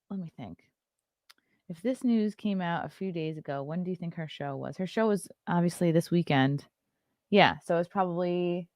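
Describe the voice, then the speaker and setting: A woman's voice: on the low side, a little mellow, no echo, clean studio sound. A woman comedian musing aloud over a clip in casual commentary, chatty and full of filler words, from a room at home. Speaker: comedian and online show host. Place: home room with colored lights.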